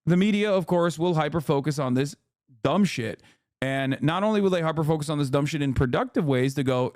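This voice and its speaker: A man rants on a live stream, heated and profane, slipping into mocking voices to quote the people he criticizes. His voice sits high for a man. The sound is close and dry, with no room around it. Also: normal speed, no room sound. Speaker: streamer commentator.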